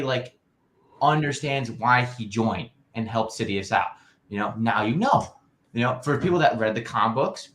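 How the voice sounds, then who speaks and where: A man's voice: mid-range voice, a bit bright, echoey room. A man co-hosting a casual online talk show, rambling through his opinions with many "you know"s. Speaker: podcast co-host. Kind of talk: casual chat.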